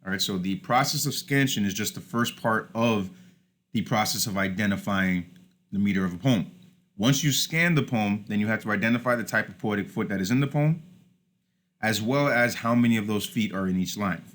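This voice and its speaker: Lowish-voiced man lecturing over slides. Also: brisk, a bit bright. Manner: explanatory, frequent "all right" and "uh" fillers. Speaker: teacher.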